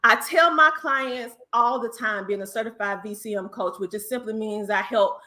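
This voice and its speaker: Woman, Southern US twang, business coach, emphatic motivational speech, bright, fairly high voice, video call. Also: moderate pace. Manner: emphatic, preacherly, calls listeners honey. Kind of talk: motivational speech in an online panel.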